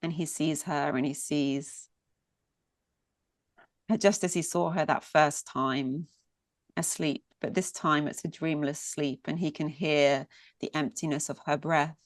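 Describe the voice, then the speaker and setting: Woman storyteller, unhurried and lingering, repeats for emphasis, dry close sound. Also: sits low, steady tone, no room sound. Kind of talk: mythic storytelling.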